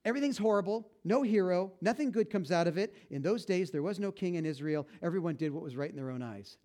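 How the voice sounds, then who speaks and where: A man's voice: sits high, animated, quick pace, darkish tone. A middle-aged man preaching a sermon to his congregation in a conversational, joking way, often restarting his sentences. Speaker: pastor. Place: church.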